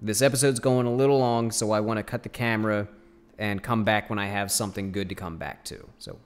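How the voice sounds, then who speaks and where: A man's voice: lowish voice, fairly even intonation, clear, resonant tone. A man hosting a let's play video, chatting casually with viewers as he plays. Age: adult. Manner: unhurried, chatty, talking to viewers. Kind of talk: casual game commentary.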